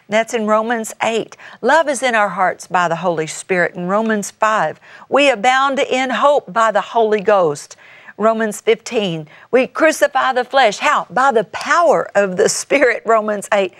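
An older woman, a grandmother, teaches the Bible on a television broadcast in a folksy, chatty way, ticking off scripture references. Her voice sits at a middling pitch. The sound is close and dry, with no room around it. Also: fairly bright tone, dry recording. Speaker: TV minister.

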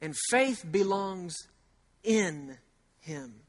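High-pitched male preacher, chatty sermon delivery, drives points home with slow repeated lines. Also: animated. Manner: repeats key phrases slowly for emphasis; conversational, with rhetorical questions. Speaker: pastor.

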